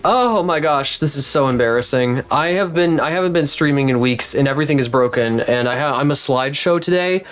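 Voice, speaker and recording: A man streaming live as a VTuber chats casually, still recovering from being sick, rambling and cursing in frustration. His mid-range voice is fairly bright and clean, and he talks fairly quickly with hardly any pauses.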